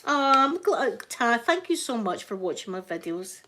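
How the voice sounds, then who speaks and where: A woman's voice: fairly high pitch, very animated, moderate pace, sharp tone. A Scottish woman chatting casually on a live stream, rambling through stories and laughing often. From Scotland. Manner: chatty, rambling storyteller who laughs a lot.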